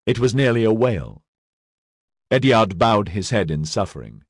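Male audiobook narrator, low husky voice, lively delivery, dry close recording. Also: measured pace, no echo.

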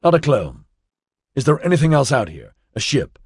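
A man performs a cheerful male astrophysicist with a breezy, upbeat manner, acting heavily and pitching above his natural voice. The delivery is sing-song at a moderate pace with a slightly rough, medium-pitched tone. The dry recording is studio quality.

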